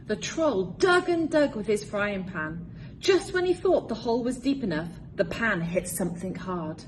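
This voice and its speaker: A woman's voice: medium pitch, a little hiss or hum. A teacher, a woman, reading a children's storybook aloud with lots of expression. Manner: expressive, slow read-aloud.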